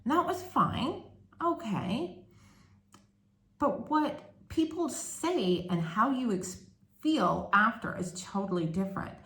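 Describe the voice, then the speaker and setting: A woman's voice: on the high side, lively intonation, slow pace, fairly bright tone. A woman from Canada, telling her story candidly in a chatty, casual vlog. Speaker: vlogger. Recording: echoey room.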